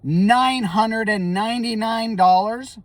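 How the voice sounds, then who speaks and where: A woman's voice: fairly high pitch, takes it slowly, dry recording, far from the mic, pitched above the performer's own voice. A man putting on a stern old woman judge. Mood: scolding. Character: stern older female judge, strict and intimidating.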